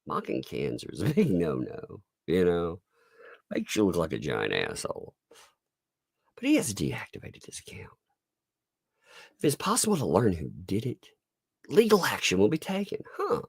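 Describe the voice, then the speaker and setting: Low gravelly man, husky and congested, sarcastic live-stream host, laughing often. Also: huge pitch swings, moderate pace, no echo, clean studio sound. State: congested from sinus trouble. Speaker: online commentary host.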